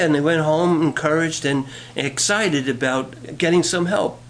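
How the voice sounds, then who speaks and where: A man's voice: on the high side, unhurried, few pauses, a little hiss or hum. A male pastor preaching a sermon in a folksy way, telling jokes and reading scripture aloud.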